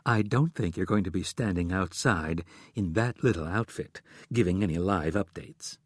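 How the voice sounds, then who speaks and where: Audiobook: male narrator's take on a stern, controlled female intelligence chief, husky and low. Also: moderate pace, no echo, studio quality. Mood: measured. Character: cool commanding woman intelligence chief.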